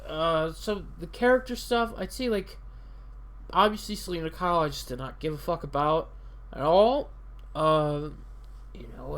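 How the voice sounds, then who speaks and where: A speaker reviewing a film off the cuff, with a mid-range voice that rambles through fillers, restarts and plenty of swearing. Soft music sits faintly underneath the talk. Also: medium pitch. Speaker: movie reviewer. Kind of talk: casual unscripted film review.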